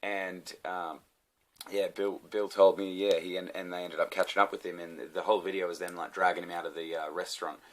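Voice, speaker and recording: A man's voice: deep voice, little pitch movement, brisk. A man with an Australian accent, ranting and rambling casually to camera, swearing a lot. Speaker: vlogger.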